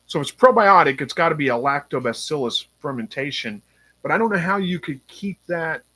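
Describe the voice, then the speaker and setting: A man hosting a casual live stream, reading viewer comments aloud and thinking out loud with frequent ums. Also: fairly high pitch, expressive, brisk. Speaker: livestream host reading chat.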